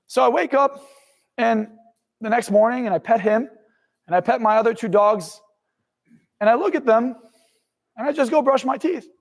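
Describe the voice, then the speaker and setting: A man's voice: extremely high pitch, normal speed, creaky, long pauses, lo-fi sound. A young man in his twenties, a motivational speaker and hypnotist, telling his own life story in an intense, blunt way with some swearing. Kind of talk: personal life story told to camera. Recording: long reverb in the room.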